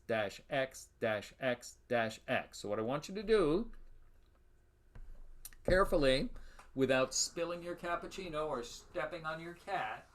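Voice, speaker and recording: A male lecturer giving an online lecture on Shakespeare's verse, lively and jokey, chanting rhythms aloud into a webcam from a room at home. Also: fairly high pitch. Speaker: university lecturer.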